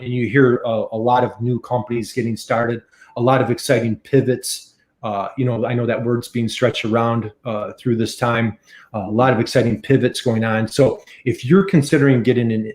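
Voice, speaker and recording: A man's voice: mid-range voice, a little mellow, echoey room. An American man of around fifty, a podcast guest, talking enthusiastically and repeating key figures for emphasis. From United States. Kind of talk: podcast interview.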